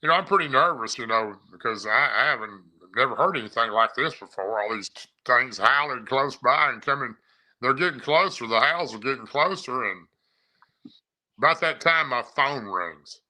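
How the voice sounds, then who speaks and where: This eyewitness has a mid-range voice that sounds animated, pushed and bright, moving at a moderate pace over a low-quality recording. His first-person account of the encounter is casual and rambling, full of repeated and restarted phrases.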